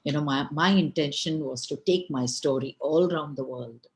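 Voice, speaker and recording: A woman's voice: sits low, moderate pace, lightly acted. A woman storyteller voicing an emotional male sage who exclaims in a raised voice. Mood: moved.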